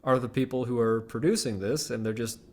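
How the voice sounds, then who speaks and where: Wry, halting male podcast co-host. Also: mid-range voice. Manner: wry, halting, many restarts. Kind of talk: casual podcast chat.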